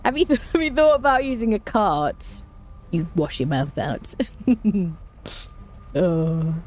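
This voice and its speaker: A woman's voice: mid-range voice, expressive, slow pace, darkish tone, soft background music. A woman chatting casually on a game stream, reading viewer messages aloud and laughing often. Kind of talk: casual live-stream chat while gaming.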